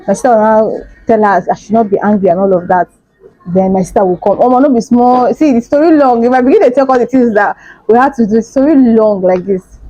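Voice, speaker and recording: A young Nigerian woman vlogger telling a personal story in an animated way, laughing often. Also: fairly high pitch, quick pace, dry recording, highs cut off. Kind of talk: storytime vlog.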